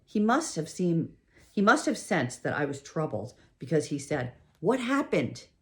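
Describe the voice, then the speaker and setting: A woman with a notably low voice reads a first-person story aloud as an audiobook. Her narration is expressive and carries emotion. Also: normal speed. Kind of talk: scripted narration.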